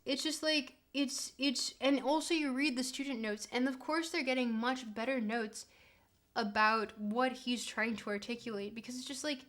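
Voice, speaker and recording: Streamer type: Canadian woman with a slightly high voice, chatty, digressive and profane, talking casually to her chat. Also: fairly bright tone. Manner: rambling, profane, quick tangents while answering chat.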